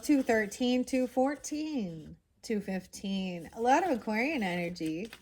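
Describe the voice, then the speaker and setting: A woman's voice: a little high, very animated, measured pace, few pauses, darkish tone, slight background noise. Woman musing in chatty asides. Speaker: tarot reader. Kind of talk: casual asides during a story reading.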